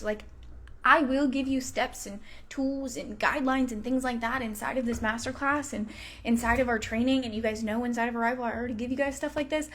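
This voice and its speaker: 30s woman podcast coach, a bit high-pitched, super casual, lots of "like" and cussing, goes whispery sometimes. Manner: casual, frank, heavy on "like" fillers and swearing. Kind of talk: motivational podcast monologue.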